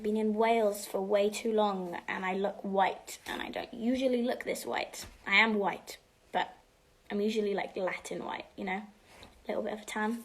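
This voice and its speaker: A teenage girl answering fan questions on a home livestream, chatting casually and switching between English and Spanish, sometimes dropping to a soft half-whisper. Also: mid-range voice, steady tone, moderate pace. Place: home room.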